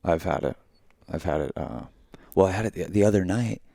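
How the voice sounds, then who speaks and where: Young male co-host, deep and gravelly, loose storyteller. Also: brisk, no room sound, clean studio sound. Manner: rambling, animated, acts out quotes. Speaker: podcast co-host. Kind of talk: casual storytelling chat.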